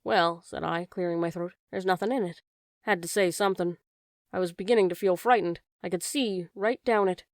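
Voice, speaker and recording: A woman's voice: lowish voice, moderate pace, no room sound, close to an everyday voice. A woman voicing a nervous middle-aged village doctor, a man, recounting a fright in an audiobook reading with a dry sound. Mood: uneasy. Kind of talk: audiobook character voice.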